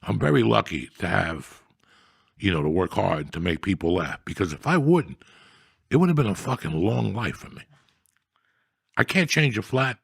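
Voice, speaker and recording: A middle-aged man tells rambling, profane stories in a blunt, casual way. His voice is gravelly and husky. The sound is dry and close, with no room echo. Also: lowish voice, very animated, moderate pace, long pauses. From New Jersey. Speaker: storyteller guest. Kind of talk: casual storytelling chat.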